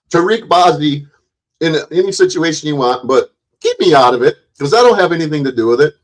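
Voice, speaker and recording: A man hosting a livestream, talking in a somewhat high voice. He taunts his guests, keeps cutting in, and shouts profane insults as the argument heats up. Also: animated, a little fast. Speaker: livestream host.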